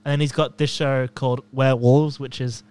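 A man chatting casually about films and comedians, opinionated and quick to laugh. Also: medium pitch, little pitch movement, a little mellow, smooth.

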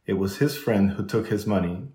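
A man's voice: lowish voice, normal speed, mellow, natural voice. A man voicing a solemn little orphan girl. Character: quiet, solemn orphan girl, polite and composed. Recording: roomy echo.

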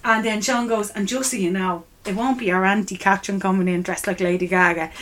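An Irish woman co-hosting a podcast, chatting casually and teasing her brother with quick banter. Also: mid-range voice, expressive, a bit bright. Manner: teasing, quick-witted banter with frequent laughs. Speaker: podcast co-host. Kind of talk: casual chat.

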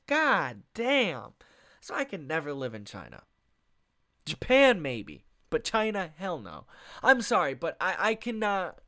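A man's voice: high-pitched, a bit bright. A young man reading news aloud and ranting about it in profane, exasperated commentary, laughing often. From United States. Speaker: vlogger.

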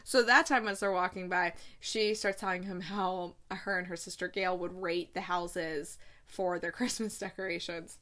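A woman hosting a casual recap, chatty and animated, gushing and tossing in playful asides while she retells scenes. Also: fairly low pitch, moderate pace, few pauses. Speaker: podcast host reviewing movies.

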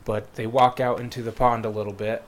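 Speaking fairly quickly at medium pitch, a man recounts a book plot in a flat, laid-back ramble packed with fillers and quoted lines. There's slight background noise in the clip.

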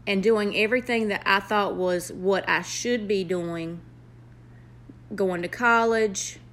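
Southern woman, young, earnest heartfelt vlog talk, slow and deliberate delivery. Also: medium pitch, fairly even intonation, a bit bright. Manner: earnest, heartfelt, with pauses and fillers. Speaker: nurse vlogger. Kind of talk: motivational vlog.

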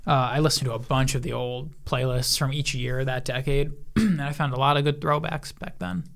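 A woman's voice: rumbling low, fairly even intonation, brisk. A woman co-hosting a casual chat, rambling and laid-back, laughing often.

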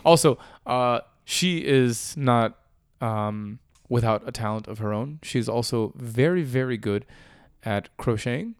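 A man's voice: mid-range voice, a little slow, few pauses, clean tone, no echo, clean studio sound. A man co-hosting a podcast in casual chat, rambling loosely and swearing now and then, tired after a long day. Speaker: podcast co-host.

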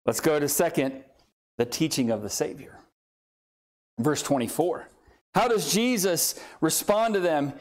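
Middle-aged male preacher, higher-pitched voice, sermon delivery, acts out characters as he tells the story. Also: expressive, unhurried, pauses often.

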